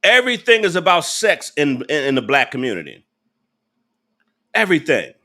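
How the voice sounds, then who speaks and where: Bright-voiced, angry, preachy man. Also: fairly high pitch, sing-song, moderate pace. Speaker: host of a live reaction channel. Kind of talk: live reaction rant.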